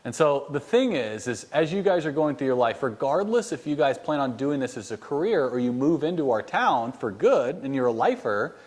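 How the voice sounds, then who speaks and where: Profane, animated American sales trainer. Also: male voice, medium pitch, normal speed, hardly any pauses. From United States. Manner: blunt, profane and animated storytelling. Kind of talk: motivational sales training talk. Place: inside a house, addressing a group of trainees.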